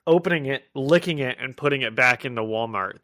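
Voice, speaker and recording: Animated man co-hosting a podcast. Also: medium pitch, brisk, no echo, studio quality. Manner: animated, rambling, laughs often. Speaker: podcast co-host. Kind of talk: casual comic book podcast chat.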